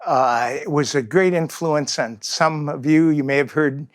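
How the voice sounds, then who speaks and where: Slow, gentle older man. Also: on the high side, no echo, clean studio sound. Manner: gentle, reflective, with pauses. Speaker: speaker in a talk series on aging. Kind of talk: reflective talk.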